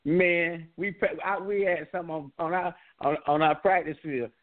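A man speaks a little high in an earnest, halting way, tripping over his words as he tells his stories. The sound is narrow and phone-like. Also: steady tone. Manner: earnest, stumbling storytelling. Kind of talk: casual sports talk. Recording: phone-like line.

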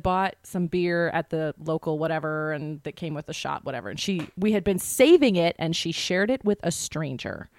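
A woman co-hosting a podcast, telling a story in a quick, animated way and acting out the quotes. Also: deep voice, no room sound. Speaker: podcast co-host. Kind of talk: casual storytelling chat.

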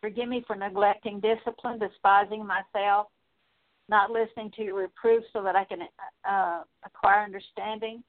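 A woman leading a spoken prayer of repentance, earnest and steady, working through a long list with frequent small fillers. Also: mid-range voice, normal speed. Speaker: prayer minister. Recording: tinny phone-like line.

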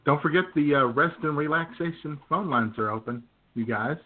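A man's voice: a little high, moderate pace. A man co-hosting a comedy show in easygoing, chuckling banter, on a tinny phone-like recording with faint noise. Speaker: radio comedy co-host.

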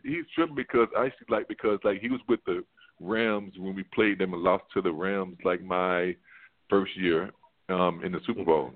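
Deep-voiced man rambling on a phone line. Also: moderate pace. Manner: rambling, animated anecdote full of "like" and restarts. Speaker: former pro football player guest. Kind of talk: casual storytelling on a sports phone-in show.

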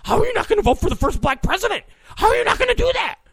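A shrill, high man fires off insistent questions and shouts them down at a fast clip, as a talk host puts him on. He sounds dry and close, with a gravelly edge. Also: very animated, no echo, heavily acted. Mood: badgering. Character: pushy shrill man badgering a voter.

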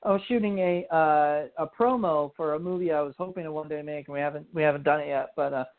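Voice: mid-range voice, fast talker. Filmmaker, casual chat, midrange voice, phone-line audio. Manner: loose, hesitant with many fillers.

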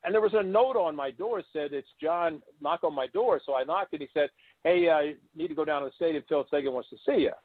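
A man's voice: a little high, fast, breathy edge, dry recording. An older man, a former ballplayer and guest on an interview show, telling long anecdotes and acting out the people he quotes. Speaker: guest, former baseball catcher. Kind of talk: storytelling interview. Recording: tinny phone-like line.

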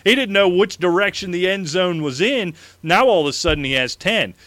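A male fantasy sports host who rants animatedly and breaks into laughter often. His tone is bright and forward, pitched a little high. The sound is dry and close. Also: brisk, dry recording. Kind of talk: casual sports talk.

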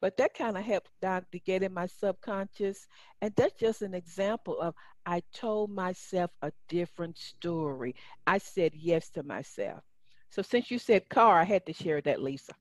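A woman hosts an inspirational chat, her voice sitting a little low. She speaks in a lively, encouraging, faith-filled way. The sound is close and dry, with no room around it. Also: moderate pace, no room sound. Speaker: podcast host. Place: Atlanta.

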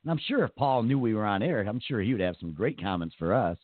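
A man's voice: lowish voice, expressive, fast, dry recording, phone-quality sound. A man hosting a radio talk show in casual, joking chat, often laughing and mocking.

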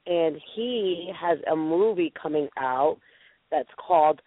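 A woman's voice: sits low, lively intonation, slow pace, no room sound. Gushy lady hosting a call-in show, tinny phone sound. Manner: bubbly, gushing. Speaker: radio show host. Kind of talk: casual call-in chat. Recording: tinny phone-quality audio.

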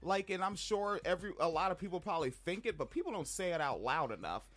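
A podcast co-host telling stories in casual chat, animated and liberal with profanity. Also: medium pitch, fast talker.

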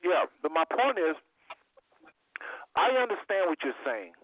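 A man hosts a call-in radio talk show, animated and fond of repeating his point for emphasis. His voice sits high and close, with no room around it. It comes through a tinny phone line. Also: unhurried, no echo.

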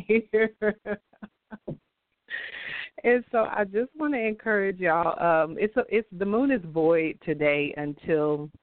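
A man giving a weekly astrology forecast, talking in an expressive, passionate way and laughing often. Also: on the high side, no echo. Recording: tinny phone-like dry sound.

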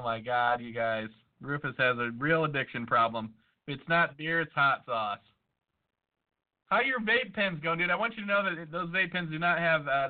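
A man hosting a podcast, trading crude, irreverent jokes in casual banter. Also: a little high. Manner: irreverent, profane, joking. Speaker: podcast host. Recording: tinny phone-like audio.

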